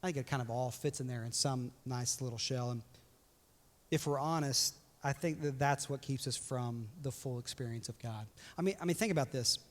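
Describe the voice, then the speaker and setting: A young adult man preaching a sermon as pastor, animated and joking, often slipping into playful voices for quotes. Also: mid-range voice, moderate pace. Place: church hall. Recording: reverberant church hall.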